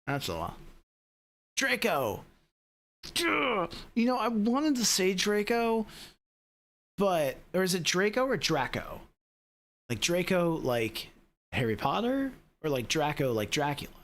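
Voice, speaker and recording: A fairly high-voiced man runs a live sim racing stream. He chats loosely and rambles with his audience, padding his talk with fillers. His tone stays easygoing and offhand. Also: wildly swooping pitch, unhurried, pauses often. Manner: rambling, talks straight to chat with lots of fillers. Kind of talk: casual live-stream chat.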